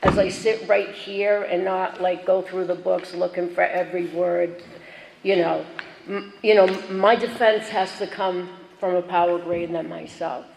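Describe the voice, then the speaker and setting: A woman's voice: on the low side, fairly even intonation, measured pace, gravelly, darkish tone. A woman speaking at a recovery meeting, telling her own story in a chatty, self-mocking, joking way. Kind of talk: personal share at a recovery meeting. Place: meeting hall. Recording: echoey hall, faint background noise.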